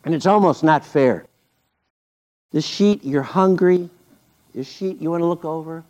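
A man preaching a sermon, telling the story playfully and swinging between loud bursts and hushed asides. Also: fairly high pitch, measured pace. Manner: animated, playful storytelling with sudden loud and quiet turns. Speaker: pastor.

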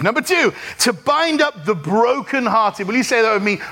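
Middle-aged male pastor, high-pitched voice, lively sermon delivery with jokes and call-and-response. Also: brisk, few pauses. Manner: animated preaching with humor and audience call-and-response. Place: church service.

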